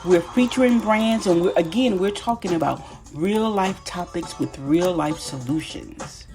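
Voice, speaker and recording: This upbeat podcast monologue comes from a Southern-accented Texas woman who works as a life coach, speaking unhurriedly in a low, darkish voice over soft background music. Folksy and enthusiastic, she repeats her greetings.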